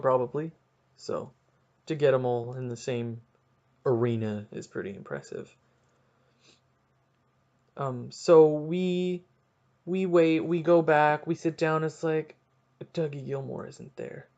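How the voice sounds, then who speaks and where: A man's voice: a little high, a little slow, long pauses, a little mellow, dull audio. A young Canadian man hosting a podcast, telling a story casually, mocking himself and acting out quotes dramatically. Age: young adult. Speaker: podcast host.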